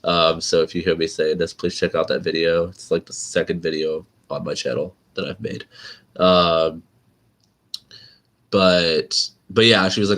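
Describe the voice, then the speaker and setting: Deep-voiced guy just rambling on his own live stream, laughs a lot. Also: fairly even intonation, a little slow, a bit bright. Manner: rambling, chatty, laughs often. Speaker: vlogger hosting his own channel. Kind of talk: casual live-stream chat.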